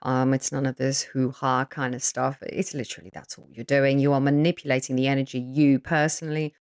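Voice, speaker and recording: A woman's voice: very deep voice, flat delivery, a little fast, a little mellow, smooth. A woman who does spell consultations talks casually and bluntly to camera. She swears freely and often checks in with her listeners. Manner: chatty, with frequent fillers and tag questions. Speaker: spiritual practitioner offering spell consultations.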